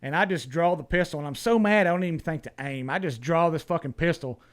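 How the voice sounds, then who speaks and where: A man, a podcast guest, recounting his past in a raised, fairly high voice. His talk is blunt and full of swearing, and he often stumbles and restarts his words. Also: quick pace. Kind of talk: casual storytelling.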